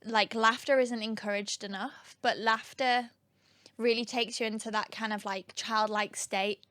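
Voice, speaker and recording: Female guest with a bright, dry, close voice who tells stories with lots of giggles. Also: on the high side, measured pace, no echo. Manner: giggly, expressive storyteller. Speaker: podcast guest. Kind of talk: casual conversation.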